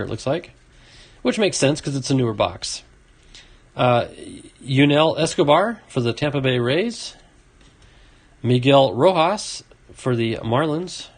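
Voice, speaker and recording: A man hosting a casual card-opening video, reading off names and chatting to a viewer. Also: medium pitch. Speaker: card collecting video host. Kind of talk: casual box-opening commentary.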